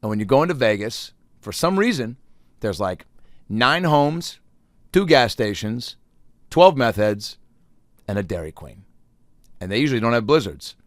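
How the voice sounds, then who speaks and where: A man's voice: medium pitch, big pitch swings, moderate pace, long pauses, no echo, studio quality. A man in his thirties hosting a solo comedy podcast, telling rambling, profane stories and acting out the people in them. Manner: rambling, profane storytelling with acted-out quotes.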